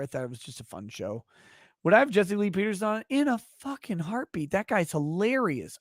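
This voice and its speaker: A man hosting a casual livestream, reading out viewer messages and answering them bluntly, with plenty of swearing. His voice sits a little high for a man. The sound is dry and close, with almost no room echo. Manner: blunt, profane, offhand replies. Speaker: livestream host.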